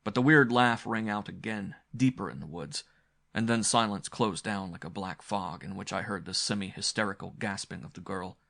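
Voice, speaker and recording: Deep-voiced man narrating a grim horror tale. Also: moderate pace, creaky, fairly bright tone. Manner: dramatic, grim storytelling. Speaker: audiobook narrator. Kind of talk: first-person audiobook narration.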